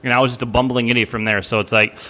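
A man's voice: mid-range voice, flat delivery, rapid-fire, pushed and bright. A young man co-hosting a podcast, talking casually in a rambling, profane way with many restarts. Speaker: podcast co-host. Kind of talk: casual chat.

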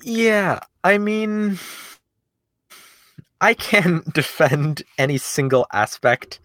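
A man's voice: high voice, expressive, very slow, a bit bright, dry recording, clean studio sound. A man in a casual film review chat, talking in a rambling, analytical way with many fillers.

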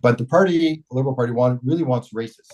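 Talking fast in a medium-pitched, slightly mellow voice, a middle-aged Canadian mayor spins meandering anecdotes during a laid-back interview, often backtracking and correcting himself. The audio quality is poor.

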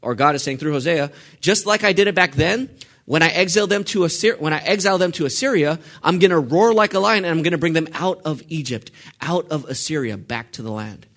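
A male pastor preaching a sermon, asking the congregation questions and swinging between hushed and forceful delivery. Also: fairly high pitch, brisk. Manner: asks the congregation questions and lets them fill in answers.

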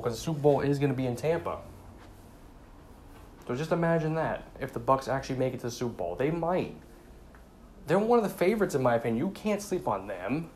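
A man's voice: on the high side, darkish tone, a little hiss or hum. Casual man talking football. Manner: conversational, repeats points, frequent "you know". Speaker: sports commentator.

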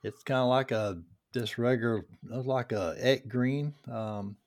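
A man's voice: medium pitch, steady tone, unhurried, a little mellow. A man talking casually on a podcast panel, in a folksy, easygoing way. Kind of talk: casual chat.

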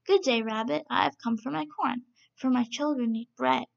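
A woman's voice: high voice, normal speed, creaky. A woman reading a story aloud, voicing a plain, businesslike male hunter in a dull, lo-fi recording.

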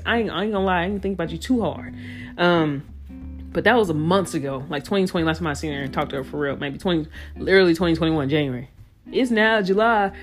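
A young woman hosting a casual solo podcast, talking in a loose, slangy, animated way with playful impressions. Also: on the low side. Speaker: podcast host.

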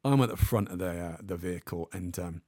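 Throwing himself into every character's voice, a male podcast guest animatedly relates a comic story. He has a low, gravelly voice that frays into fry at the ends of phrases, talks fairly quickly, and is recorded close and dry without room sound.

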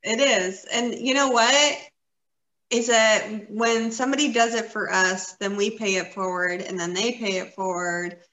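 A woman's voice: medium pitch, fairly even intonation, a little slow, fairly bright tone. A woman in her fifties talking in an earnest, encouraging way, rambling a little with fillers in casual conversation. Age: 50s. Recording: roomy echo.

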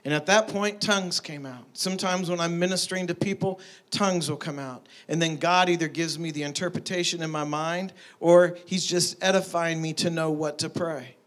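A man preaching a sermon, telling stories in a lively way and building to emphatic peaks. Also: fairly high pitch, normal speed. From Tulsa, Oklahoma. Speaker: pastor. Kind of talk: sermon with storytelling.

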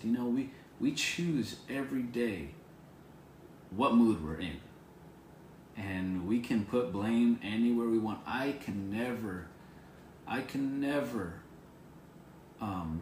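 In a lowish, darkish voice, a pastor delivers an informal devotional message straight to camera, recorded in a roomy space with a bit of background noise. He sounds earnest and encouraging and tends to repeat himself.

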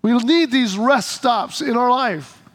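High-voiced pastor preaching in a chatty way. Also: male voice, lively intonation, takes it slowly, a bit bright. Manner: conversational, humorous storytelling. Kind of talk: sermon.

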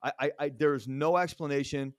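A man's voice: a little high, fairly even intonation, normal speed, dry recording, clean studio sound. A man in his thirties telling a personal story in a casual interview, earnest and rambling, often restarting his sentences. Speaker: podcast guest.

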